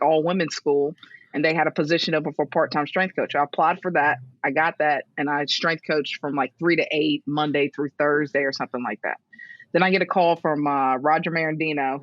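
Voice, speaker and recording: A woman's voice: low-pitched, no echo. A woman in her thirties, a strength coach telling stories in a casual interview, acting out other people's lines with laughter. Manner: lively, acts out others' words in a raised voice, laughs often. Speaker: strength and conditioning coach, guest. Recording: dull, dry lo-fi audio.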